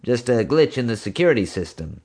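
A dismissive female security chief, played by a man with his voice lifted higher. She talks in short, clipped lines. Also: very animated, brisk, darkish tone, breathy edge. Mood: curt.

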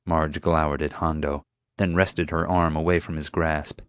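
A man narrating an audiobook with expressive, storytelling delivery. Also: rumbling low, moderate pace, smooth, no room sound, clean studio sound.

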